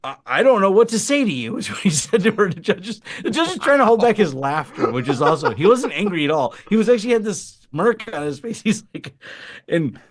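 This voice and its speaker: Guy telling a wild story on a podcast, pitch jumps all over, keeps laughing. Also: a little fast. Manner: animated, laughs while telling stories. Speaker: podcast co-host. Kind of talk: casual storytelling.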